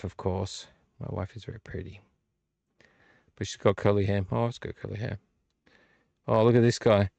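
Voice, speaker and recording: A middle-aged man with a gravelly, fry-laden voice chats casually as a vlog host, rambling and thinking aloud. He sounds close to the mic in a dry space with no echo. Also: mid-range voice. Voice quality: rambling, thinks aloud while handling discs. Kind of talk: casual late-night chat. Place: home room.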